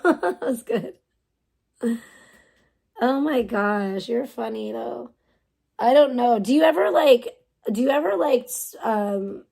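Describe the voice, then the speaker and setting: A young woman talks casually on a live stream. Her voice sits a little high, with a gravelly fry and a mellow, dark tone. She swears freely and reacts to her chat with blunt, bemused exasperation. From United States. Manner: profane, exasperated, bemused, talking back to chat. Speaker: livestreamer reading chat.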